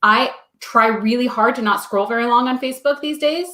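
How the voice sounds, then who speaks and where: A woman with a fairly high voice joins by webcam and explains things plainly and matter-of-factly. Her sound carries the echo of a roomy space over the call. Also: fairly quick, sharp tone. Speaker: team member, guest on the stream. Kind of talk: casual chat on a video call. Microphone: webcam on a video call. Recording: echoey room over a video call.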